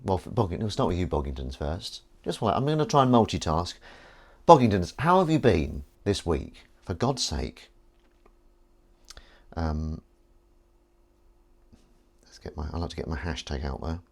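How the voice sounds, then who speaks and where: A man's voice: low voice, sing-song, moderate pace, long pauses, darkish tone. A man hosting a live stream at home, talking in a rambling, playful, self-mocking way. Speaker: livestream host. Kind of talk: casual live-stream chat.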